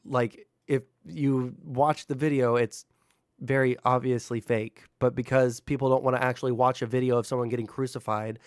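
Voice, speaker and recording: A man's voice: medium pitch, clear, resonant tone, dry recording, clean studio sound. Casual swearing male livestreamer. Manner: rambling, filler-heavy, swears freely; talks to chat, unfiltered. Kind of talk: casual livestream chat with viewers.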